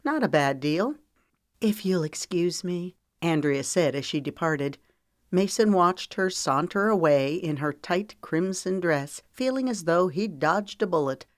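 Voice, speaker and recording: Reading an audiobook, a woman keeps her storytelling steady and measured, her voice on the low side. There's no room sound, just clean studio audio.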